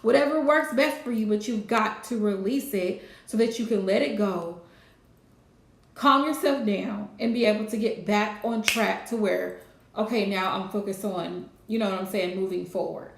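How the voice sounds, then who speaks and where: A woman hosting a live tarot reading, calmly repeating gentle advice to her viewers. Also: mid-range voice, normal speed, vocal fry, echoey room, a little hiss or hum. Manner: soothing, repetitive advice with Southern-style phrasing. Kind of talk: casual live-stream reading.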